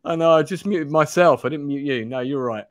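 A man's voice: fairly high pitch, brisk, no echo, clean studio sound. A man hosting a live stream, reading a gamebook aloud and chatting in a rambling, self-deprecating way. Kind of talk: live-stream play-through narration and chat.

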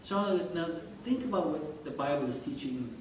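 A man teaching an informal religious lesson to a group, lively and quizzing his listeners. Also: normal speed. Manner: animated, quizzes listeners, chuckles. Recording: very echoey room, far from mic, faint rumble.

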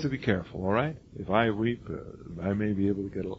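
An older man lectures a college class emphatically, calling on students by name and often restarting and repeating words. His voice is on the low side, slightly rough and expressive, moving fairly quickly with hardly any pauses. It's a lo-fi classroom recording with faint noise.

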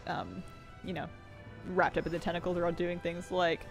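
A game streamer talks casually on a live stream in a voice of middling pitch. They chatter and giggle easily and read out chat as they go. Soft game music plays faintly underneath. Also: flat delivery, moderate pace.

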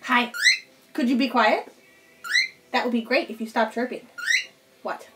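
A woman's voice: a little high, takes it slowly, pauses often, very noisy. A woman streaming cosplay work from home, chatting casually with viewers and her pet bird, laughing often. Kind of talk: casual live stream chat.

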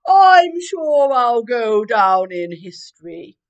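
A woman's voice: on the high side, big pitch swings, slow pace, smooth, highs cut off, voice pushed up. A woman voicing a boring, self-important male prime minister with a pompous, droning manner.

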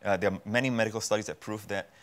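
A man's voice: on the low side, steady tone, rapid-fire. A man, a pastor, preaching as a guest in a television studio interview, with emphatic repetition of key phrases. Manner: emphatic, repeats phrases for effect. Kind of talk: preaching in a talk show interview.

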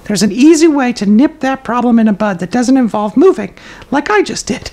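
A man's voice: very high voice, animated, a little fast, a little mellow. A man voicing a zany toilet paper roll puppet who hosts a comedic live stream. The puppet hands out absurd life advice in a matter-of-fact way and chats with viewers, with hesitant fillers.

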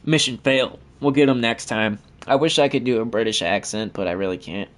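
A man's voice: medium pitch, brisk. A man giving profane, trash-talking commentary over his own gameplay as the channel host.

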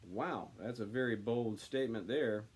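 A man leads a casual Bible study, reading scripture out slowly and then musing on it. He talks as he thinks, with plenty of ums and uhs between his thoughts. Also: lowish voice, breathy edge. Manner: thinks aloud with many fillers, reads slowly then comments.

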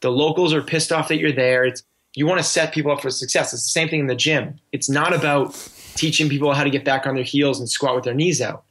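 A man's voice: a little high, fairly even intonation, fast, a bit bright. A man talking earnestly as a coaching guest on a podcast, restarting his sentences often. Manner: earnest, with many restarts and fillers. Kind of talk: casual interview talk.

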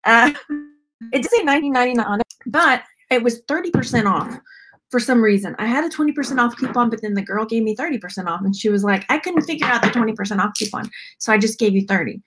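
A woman with a Southern drawl talks to her live chat in a loose, rambling way, stopping to greet viewers by name. Her voice sits a little high for a woman. It is a casual, unscripted stream. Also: lively intonation, fast talker, fairly bright tone. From Texas. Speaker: YouTube host.

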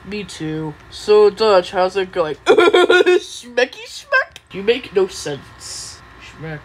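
A woman's voice: medium pitch, slow pace, a little mellow, rough recording. A young woman voicing many cartoon characters in a playful, silly way. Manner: playful, silly voices, giggly.

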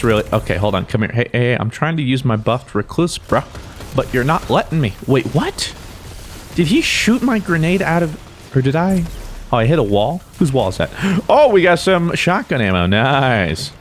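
Excitable young man commenting on gameplay. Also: medium pitch, a little hiss or hum. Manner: excitable, joking, talks to himself. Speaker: gaming YouTuber.

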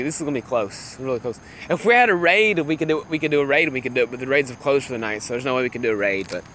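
A young man casually chatting with viewers on a livestream while playing a phone game, excitable and laughing often. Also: on the high side, slight background noise. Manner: excitable, laughs a lot, greets chat viewers. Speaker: livestream gamer.

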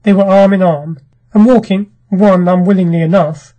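A storyteller reads a classic short story with measured, dramatic pacing. The voice is husky and mid-pitched. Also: fairly even intonation, warm tone, poor audio. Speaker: narrator of classic short stories. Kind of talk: scripted audiobook narration.

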